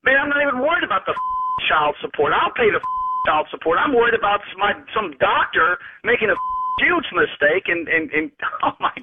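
A man's voice: high-pitched, big pitch swings, normal speed, a little hiss or hum. A man on a phone call who sputters in disbelief and keeps laughing through his words. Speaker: prank call victim. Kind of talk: phone call on a radio show.

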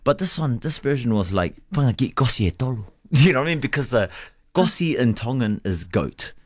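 Animated man telling a story. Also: medium pitch, moderate pace, no room sound, studio quality. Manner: animated storyteller, laughs often. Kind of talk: casual storytelling chat.

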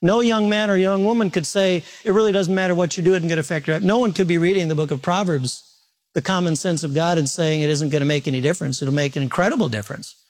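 A man's voice: a little high, fast talker, a little mellow. A man preaching a morning sermon as a pastor, talking conversationally with repetition and self-deprecating humor.

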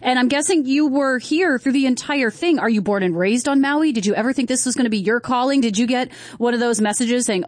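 A woman hosting an interview, lively and affirming, laughing often with her guest. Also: on the high side, fast, few pauses, no echo, studio quality. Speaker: interview host. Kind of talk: conversational interview.

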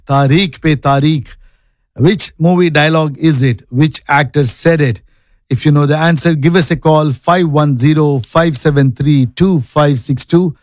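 A man's voice: fairly high pitch, a little mellow, dry recording. A man hosting a radio call-in show from a studio, upbeat and reading ads between callers. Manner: upbeat, repeats the call-in number.

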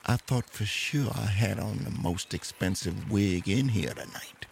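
A man voicing a proud, sharp-tongued woman jazz singer, sassy and commanding. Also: fairly low pitch, a little slow, gravelly, a little hiss or hum.

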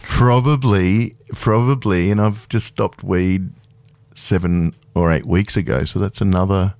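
A man's voice: deep voice, steady tone, unhurried, darkish tone, dry recording. A man in his fifties, a guest speaking candidly and self-deprecatingly in a casual radio interview, laughing easily. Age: 50s. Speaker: guest performer.

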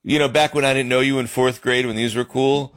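A man's voice: medium pitch, steady tone, fairly quick, a bit bright, no room sound, clean studio sound. A man co-hosting a casual chat, a chef who teases and laughs often. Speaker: co-host, chef.

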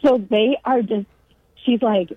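A woman from California telling a long family anecdote in casual chat, animated and acting out the quoted lines. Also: fairly high pitch, slow, slightly rough, dry recording. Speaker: storyteller. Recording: tinny phone-line sound.

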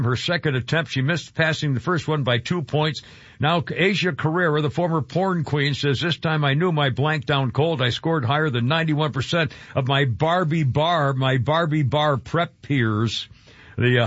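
A man's voice: on the high side, fairly bright tone, breathy edge, no echo, dull audio. Rambling male radio host, dry sound. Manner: rambling, full of filler and restarts, jokey. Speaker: radio talk show host. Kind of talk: casual radio chat.

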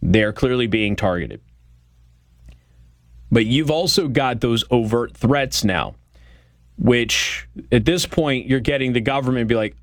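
A political talk show host, billed as a radio show host, delivers a blunt, opinionated monologue packed with fillers. He speaks at a medium pitch, unhurried and pausing often, in clean studio sound with no echo.

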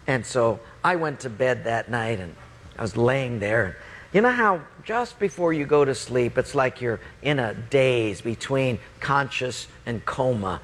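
A preacher telling a story from the pulpit in an animated, expressive and playful way. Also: male voice, mid-range voice, long reverb tail. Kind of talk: sermon storytelling.

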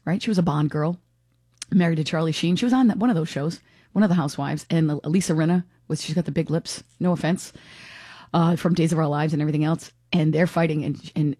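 A woman hosting a talk radio show, commenting in an animated, exclaiming way and taking calls. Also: low voice, slightly rough, no echo, studio quality. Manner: animated, exclaiming, laughing between remarks.

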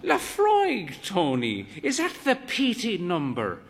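A proud, frail old woman, voiced by a man reading aloud lifts into a high, airy register that sweeps up and down. She sounds grand and theatrical. The delivery stays slow and drawn out. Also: huge pitch swings, long reverb tail, exaggerated voice.

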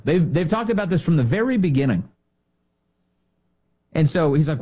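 Sarcastic male political commentator, lively pitch. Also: normal speed, pauses often, breathy edge. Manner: mocking, sarcastic, with mimicking asides. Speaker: commentary host.

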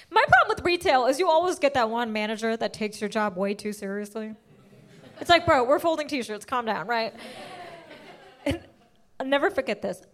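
A young woman doing a stand-up comedy set, brash and animated, acting out the people in her stories. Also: a little high. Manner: brash, animated storytelling with voiced asides.

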